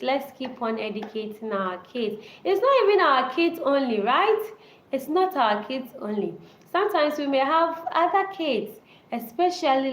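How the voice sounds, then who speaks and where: Earnest woman repeating herself, echoey room. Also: on the high side. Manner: earnest and repetitive, restating short phrases. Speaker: live stream host. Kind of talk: casual live-stream chat. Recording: echoey room with faint background noise.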